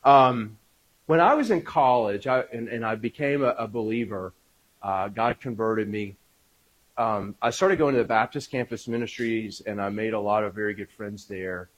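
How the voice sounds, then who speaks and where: A man's voice: on the low side, moderate pace, lo-fi sound. A male pastor leading a prayer and then preaching a conversational sermon, with frequent fillers, restarts and personal stories. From Alabama, US.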